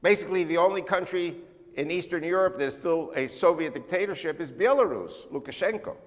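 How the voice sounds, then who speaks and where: A man's voice: on the high side, brisk, long reverb tail. Older man lecturing in a church. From United States. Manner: emphatic, animated lecturing with sweeping lists. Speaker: guest speaker. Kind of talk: church talk on world politics.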